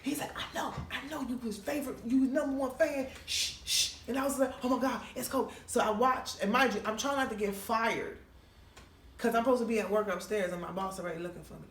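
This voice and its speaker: Fast and fairly high-pitched, a woman comedian on a podcast spins a lengthy, foul-mouthed story, doing voices for the characters with lots of animation. The recording sounds roomy, from a distant mic with faint background noise.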